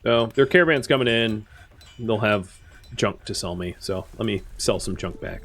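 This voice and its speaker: A man giving casual let's-play commentary, talking straight to the characters on screen, with excitable outbursts and quiet muttered asides. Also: fairly low pitch, moderate pace. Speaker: gameplay commentator.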